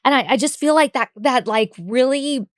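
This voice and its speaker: A woman's voice: high-pitched, normal speed, no echo, studio quality. A woman co-hosting a podcast, talking casually and rambling with plenty of filler words. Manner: chatty, lots of "like" and "and stuff". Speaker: podcast co-host. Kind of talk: casual chat recapping a reality show.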